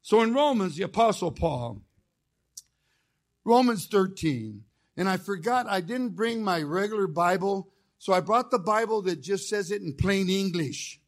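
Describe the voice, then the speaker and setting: High-voiced fiery male preacher. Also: lively intonation, a little slow. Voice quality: folksy storytelling with jokes. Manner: fiery, call-and-response preaching, rising to shouts. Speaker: chaplain preaching as guest speaker. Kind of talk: sermon.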